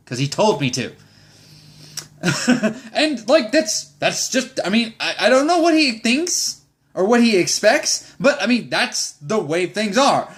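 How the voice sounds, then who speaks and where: A young man, a Marine sergeant, ranting in a vlog with exasperated, profane, rambling talk. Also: high voice.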